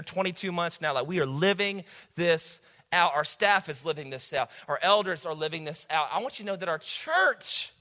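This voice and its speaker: A pastor preaching a sermon, calling out to the congregation and building to shouts. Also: male voice, high-pitched.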